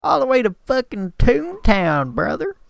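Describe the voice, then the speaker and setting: A man putting on an exaggerated Southern drawl as a crude, boastful good-old-boy, cussing loudly. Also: very high-pitched, sing-song, unhurried, creaky, no echo, pitched above the performer's own voice, heavily acted. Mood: brash. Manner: crude, boastful, shouting cusses.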